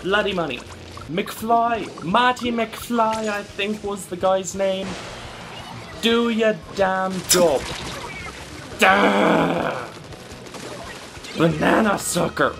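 A woman hosting a gaming channel, giving let's-play commentary and shouting fruit words in place of curses when exasperated. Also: medium pitch, very slow, vocal fry, long pauses. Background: background music.

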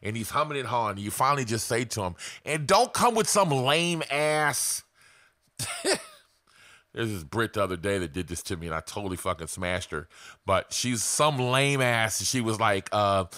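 A man's voice: on the low side, big pitch swings, moderate pace, sharp tone, dry recording, clean studio sound. A man giving casual, blunt sales coaching to camera, swearing freely.

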